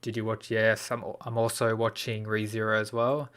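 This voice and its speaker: A man's voice: fairly low pitch, flat delivery, moderate pace, a bit bright, clear, resonant tone. An Australian man chatting casually on a livestream, laid-back and rambling with lots of fillers. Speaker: anime streamer.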